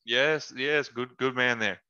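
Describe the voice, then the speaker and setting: A man's voice: medium pitch, slow, pushed and bright, smooth, lo-fi sound. A man chatting casually as a podcast guest, telling stories in a laid-back way with slangy asides and frequent laughs. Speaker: podcast guest, former basketball player. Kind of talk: casual storytelling chat.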